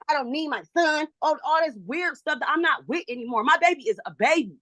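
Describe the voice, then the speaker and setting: A frustrated woman pleads her case in a court hearing, calling in over video from her home. Her voice sits a little high and cuts bright and sharp. The sound is close and dry. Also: fast talker, few pauses, dry recording. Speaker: mother in a guardianship hearing. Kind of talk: emotional court testimony.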